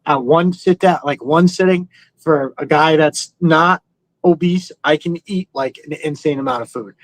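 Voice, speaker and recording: A man's voice: fairly high pitch, moderate pace, no room sound, poor audio. A man from New York with a New York accent, hosting a podcast and telling long, rambling stories in casual chat, swearing freely. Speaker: podcast host.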